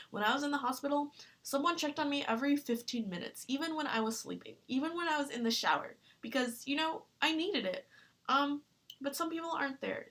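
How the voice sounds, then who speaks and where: A woman's voice: a little high, a bit bright. Earnest young woman vlogger, near tears. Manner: earnest, halting, many fillers. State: tearful. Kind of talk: personal advice vlog.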